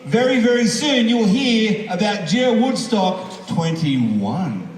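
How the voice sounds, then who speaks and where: A man's voice: high-pitched, takes it slowly, slight background noise. An Australian man co-hosting a live podcast show on stage, joking and working the crowd. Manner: joking, playful, lively crowd work. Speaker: podcast co-host, emcee. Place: open-air amphitheater at a live event. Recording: echoey open-air venue, mic from far off.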